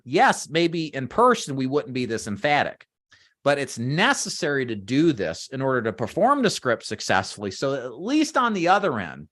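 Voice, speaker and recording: A man in his thirties coaching sales agents, emphatic and animated, acting out sample phone pitches on camera. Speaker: sales trainer. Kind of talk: training talk to agents. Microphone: webcam or desk mic on camera.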